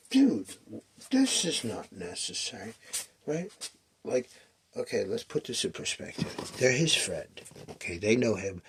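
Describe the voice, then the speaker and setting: A man in his fifties rambles through a personal grievance, cursing freely and acting out the quotes. His voice sits at a middle pitch, with a faint hiss of noise behind it. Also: a bit bright. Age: 50s. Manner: profane, restless, storytelling with acted quotes.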